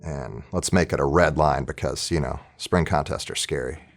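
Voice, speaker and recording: A man's voice: rumbling low, moderate pace. A man teaching orchestra planning in a casual, chatty screen-recorded tutorial, thinking aloud as he works.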